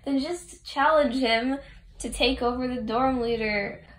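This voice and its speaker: A lazy, offhand school principal, as a woman puts him on, raised in pitch and set back from the mic. The sound carries a roomy echo. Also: a little slow.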